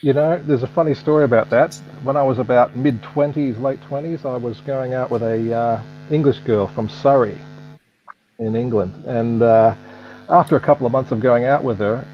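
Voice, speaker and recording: A man in his fifties with an Australian accent, chatting as a guest in a relaxed, self-deprecating way. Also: medium pitch, moderate pace, dull audio, a little hiss or hum. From United States. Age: 50s. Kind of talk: casual chat. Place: home at night.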